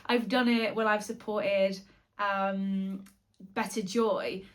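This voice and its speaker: A woman singer and vlogger chatting casually to camera, gossipy and quick with asides and self-corrections. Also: medium pitch, level tone.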